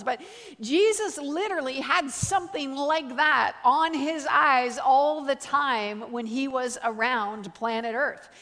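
A high-pitched woman from Canada giving a lively, story-driven sermon. She talks casually, peppering her lines with "like" and "uh" and jumping higher to act out quotes. Her voice rings with the long reverb of a large hall. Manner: animated, chatty, full of "like" and "uh", acts out quotes in higher voice. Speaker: guest preacher.

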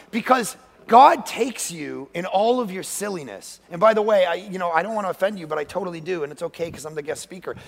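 A male guest pastor giving a lively, joking sermon in a church, acting out voices and sometimes shouting. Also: high voice, brisk, creaky, hardly any pauses. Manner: animated, joking, acts out quoted voices, sudden shouts. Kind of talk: energetic comedic sermon. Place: church sanctuary. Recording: long hall reverb.

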